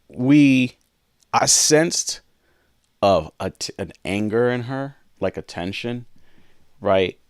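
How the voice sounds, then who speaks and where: Recorded with studio quality and no echo, a low-voiced man co-hosting a podcast tells a personal story with candor and earnestness. He acts out conversations from his past.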